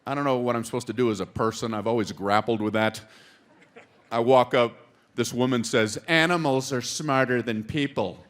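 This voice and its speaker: A man stand-up comedian telling a wry, sheepish story, with awkward pauses. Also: mid-range voice, steady tone. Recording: live comedy show with audience noise.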